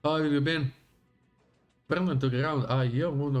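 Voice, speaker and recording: A man's voice: a little high, fairly even intonation, a little fast, long pauses, faint music behind. A male streamer chatting casually and teasingly with his live chat between story reading.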